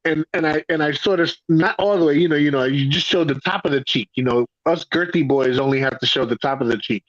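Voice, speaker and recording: A man with a high-pitched voice tells profane, animated stories in a casual podcast chat. The sound is dry and close, with a slightly muffled, dull tone. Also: quick pace, no echo. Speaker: podcast host.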